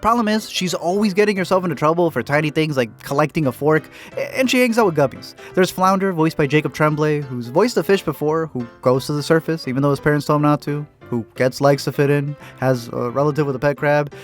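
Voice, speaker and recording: Guy doing a jokey movie recap, kinda high voice, quiet music under it. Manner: quick jokey punchlines. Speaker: host. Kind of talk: comedic recap narration.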